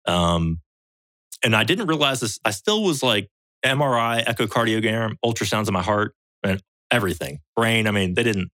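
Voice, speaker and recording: A man's voice: lowish voice, expressive, normal speed, bright, forceful tone, dry recording. A man from the United States, a podcast guest, telling a story in blunt, profane casual talk. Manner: blunt and profane, quotes others as he tells it.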